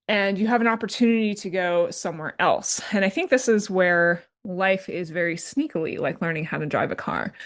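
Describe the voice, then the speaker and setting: A woman giving a casual talk on handling stress, working through a long analogy and acting out inner thoughts. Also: mid-range voice. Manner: conversational, acts out inner thoughts, frequent "right?". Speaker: speaker on work stress and resilience.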